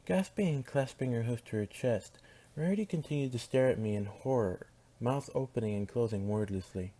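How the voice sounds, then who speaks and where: Male narrator, very dark mellow tone, wry first-person storytelling, reading aloud. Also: mid-range voice, a little fast. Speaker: narrator, voice actor.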